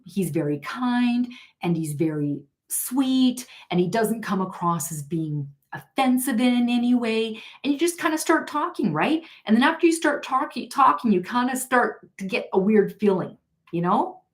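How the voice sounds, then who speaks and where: A woman with a slightly high voice and lively intonation hosts a tarot live stream, telling a story at a moderate pace in a casual, chatty way. She laughs often while reading viewer comments, with many fillers and restarts.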